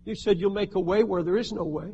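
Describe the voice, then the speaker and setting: A man's voice: high-pitched, quick pace, warm tone, long reverb tail, dull audio, slight background noise. A pastor preaching an emphatic sermon from the pulpit, firing rhetorical questions at his congregation. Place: church sanctuary with a congregation.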